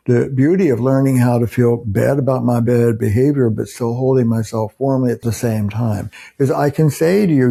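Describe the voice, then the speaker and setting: A man's voice: medium pitch, gravelly, warm tone, breathy edge. An older man, a couples therapist, earnestly explaining ideas to camera and acting out example phrases. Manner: earnest, emphatic, acts out example quotes.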